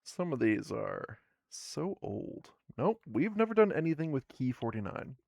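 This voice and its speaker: A man's voice: mid-range voice, very animated, measured pace, gravelly, darkish tone, dry recording. A sleepy man casually narrating his solo tabletop game on a live stream, rambling and self-deprecating as he reads the game text aloud.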